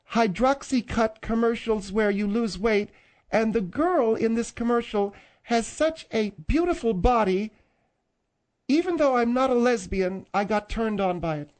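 A woman's voice: fairly high pitch, normal speed, a little mellow. A woman co-hosting a radio talk show, chiding the host and talking back at him. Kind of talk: casual radio banter.

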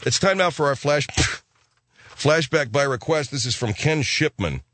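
Brief: brisk male radio host, lively pitch, dry close studio sound. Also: no room sound. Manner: brisk and dismissive with callers. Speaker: radio talk show host. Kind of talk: comedy radio talk show.

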